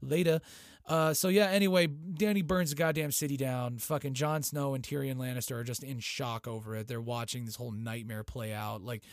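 A man giving an excitable, foul-mouthed casual recap of a TV episode. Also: medium pitch, fairly quick, no room sound, clean studio sound. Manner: excitable, heavy swearing.

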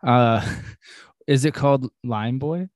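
A man's voice: mid-range voice, takes it slowly, a little mellow, no echo, studio quality. A man hosting a podcast, joking around in casual chat. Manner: jokey, playful. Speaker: podcast host.

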